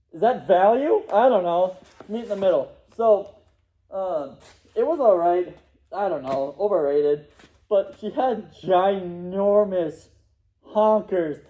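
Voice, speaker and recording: A man's voice: high voice, phone-quality sound. A young man casually telling a rambling story, laughing and acting out what people said. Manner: rambling, laughing, acts out quotes.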